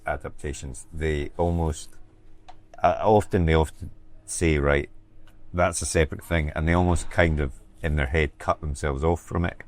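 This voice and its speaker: A man hosting a writers' podcast, speaking in a measured, reflective way in conversation with a guest. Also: rumbling low, steady tone. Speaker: podcast host. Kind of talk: casual interview chat.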